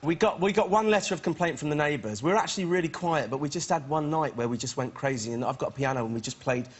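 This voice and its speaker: A man's voice: a little high, fast talker, breathy edge. A comedian telling a rambling, self-mocking anecdote as a chat show guest, laughing as he goes. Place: television studio with audience. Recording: loud studio audience and noise.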